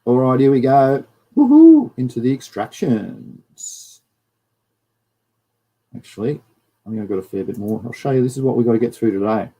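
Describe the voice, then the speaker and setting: Ranting Australian man, mellow voice. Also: medium pitch, moderate pace, pauses often, low-quality recording. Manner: animated, ranting, reads news and chat aloud. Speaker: live-stream host. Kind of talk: casual live-stream commentary.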